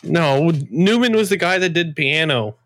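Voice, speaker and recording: A man's voice: a little high, animated, unhurried, a bit bright, a little hiss or hum. A man co-hosting a podcast in casual chat, arguing back with disbelief. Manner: incredulous, argumentative banter. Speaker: podcast co-host.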